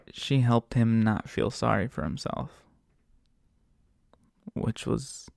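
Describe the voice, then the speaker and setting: A man's voice: medium pitch, creaky, a little mellow, dry recording, clean studio sound. A man telling a story in a casual, profane, laid-back way as a podcast host, retelling a conversation with a passenger.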